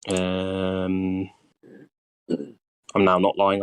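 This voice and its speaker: A man's voice: sits low, level tone, extremely slow, long pauses, clean tone, no room sound. A man hosting a casual voice-chat guide session, talking hesitantly with many ums, his voice tiring. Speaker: game guide host.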